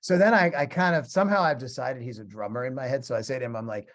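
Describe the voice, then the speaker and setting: A middle-aged man, a musician teaching a class, telling stories in a chatty, animated way and acting out both sides of past conversations. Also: mid-range voice, fast talker, few pauses. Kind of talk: casual storytelling lecture.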